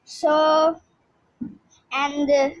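A high-voiced woman with an Indian English accent teaches at a very slow, halting pace, repeating each word. The recording is dry and a bit dull, like a cheap lo-fi mic. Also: flat delivery, no room sound. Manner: slow, halting, repeats words, frequent pauses. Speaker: language teacher. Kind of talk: slow informal lesson.

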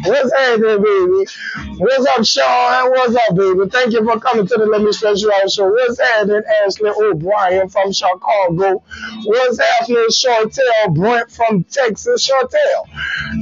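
Loud high-voiced New Orleans comedian host. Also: male voice, unhurried, dull audio, faint music behind. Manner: loud, playful, shouts out commenters, sing-song theme chants. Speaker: comedian hosting a live stream. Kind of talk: live-stream banter with viewers.

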